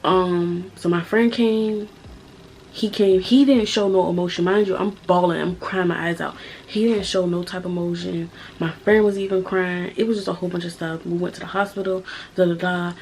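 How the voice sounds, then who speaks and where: A young woman in her twenties with a low, flat, gravelly voice tells a story straight to her camera. She talks bluntly and swears freely, hammering her points home in a casual vlog style. A faint hiss sits under her voice. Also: moderate pace, poor audio. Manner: blunt, profane, emphatic storytelling. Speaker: vlogger.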